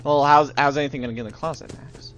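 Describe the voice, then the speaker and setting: Talking fast in a mid-range, fairly bright voice with fairly even intonation, a young gaming channel host does let's play commentary on a horror game. He's nervous, jumpy and self-mocking, whispering then yelping, with faint game music in a dull, lo-fi recording.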